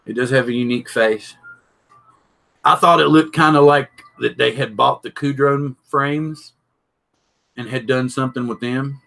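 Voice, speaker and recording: Man, middle-aged, rambling live-stream host, talks to chat, mid-pitched voice. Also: steady tone, measured pace, gravelly, fairly bright tone, low-quality recording. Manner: rambling, thinks aloud, greets viewers. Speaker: drone channel host.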